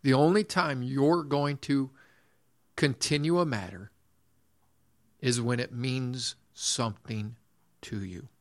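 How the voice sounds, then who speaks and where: A man's voice: medium pitch, takes it slowly, long pauses. A man preaching a sermon in earnest, repeating his phrases, restarting sentences and reading scripture aloud. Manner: reads scripture in old-fashioned phrasing. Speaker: pastor.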